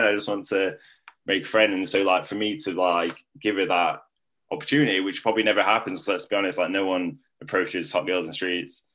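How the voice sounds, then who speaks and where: A young man talks with a low, deep voice. He rambles through a casual story, leaning hard on filler words as he goes. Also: steady tone, fast, a bit bright.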